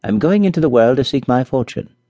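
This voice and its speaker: A man's voice: mid-range voice, animated, fairly quick, mellow, dry recording, muffled recording, pitched above the performer's own voice. Male reader as an impatient young prince, eager and clipped, storybook style.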